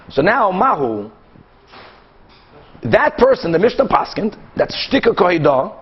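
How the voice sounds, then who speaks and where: High-voiced animated rabbi teaching Talmud. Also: male voice, husky, muffled recording. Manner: animated, acts out both sides of cases with quick back-and-forth. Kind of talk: Talmud class lecture.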